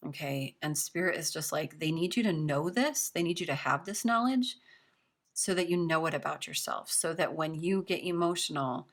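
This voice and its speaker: A woman's voice: low-pitched, animated, moderate pace. A young woman giving a casual tarot reading, chatty and reassuring, with lots of filler words. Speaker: tarot reader.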